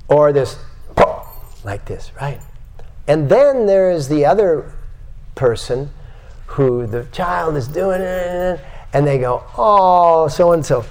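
A man's voice: fairly high pitch, expressive, takes it slowly, pauses often, dark tone, slight background noise. A man giving a spiritual lecture to a live audience, asking many rhetorical questions.

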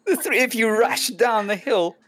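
A man running a tabletop game as game master, narrating in a relaxed way and often chuckling. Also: high-pitched, normal speed, no echo.

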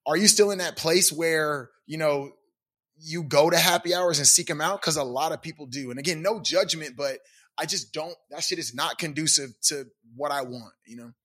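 A man's voice: on the high side, normal speed, husky. A man in his thirties co-hosting a casual podcast chat, telling stories and acting out other people's lines. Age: 30s. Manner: animated storyteller, acts out quotes in character. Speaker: podcast co-host.

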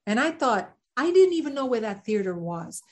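Woman actress on a podcast, high voice, lively storyteller. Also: normal speed. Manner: lively, acts out quoted voices. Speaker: guest actress and singer. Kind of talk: animated anecdote telling.

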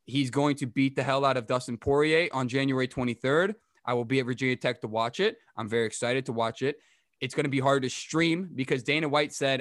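A young adult man hosting a casual sports update to camera, rambling and chatty with quick asides. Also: mid-range voice, a bit bright, no room sound, studio quality. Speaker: podcast host giving a sports update.

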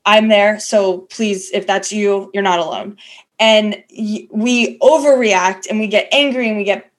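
A woman's voice: mid-range voice, fairly even intonation, unhurried. A woman co-hosting a podcast in casual chat, candid and self-deprecating, rambling with restarts and acting out her inner voice. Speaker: podcast co-host.

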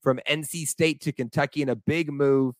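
A young American man co-hosting a casual sports podcast, talking with animated enthusiasm and laughing easily. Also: a little high, normal speed, dry recording. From United States. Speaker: podcast co-host.

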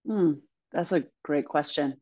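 A woman in her thirties, a guest movement coach telling stories in casual interview chat, animated and quick to laugh. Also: deep voice. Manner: animated storyteller, laughs often, acts out quotes.

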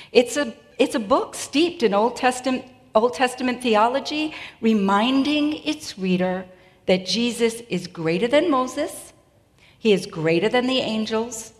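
A woman with a Boston accent preaching a sermon in a chatty, self-deprecating way. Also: medium pitch. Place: church sanctuary. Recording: long reverb of a church hall.

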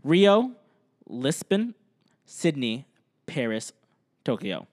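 A man's voice: on the high side, sing-song, drawn-out words, a little mellow. A young man co-hosting a podcast in casual chat, joking, laughing often and reading quiz options aloud. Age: young adult. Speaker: podcast co-host.

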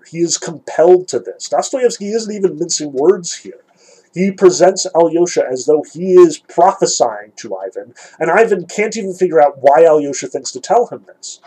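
A man lecturing on a novel, explaining passages in a thoughtful, measured way. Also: on the high side, expressive, warm tone, breathy edge, rough recording. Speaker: literature lecturer. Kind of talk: lecture with dramatic read-aloud passages.

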